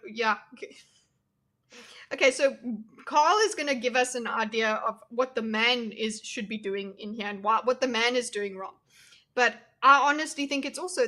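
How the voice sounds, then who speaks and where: A woman's voice: a little high, bright, forceful tone. A young woman streaming reaction commentary, talking casually to her chat with blunt, mocking asides.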